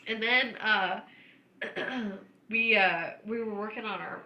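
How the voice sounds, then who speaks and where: A woman's voice: mid-range voice, slow, roomy sound, rough recording. A woman, co-hosting a podcast, telling funny family stories with lots of laughter. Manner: animated, laughs often while telling stories. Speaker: podcast co-host. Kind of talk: casual storytelling chat.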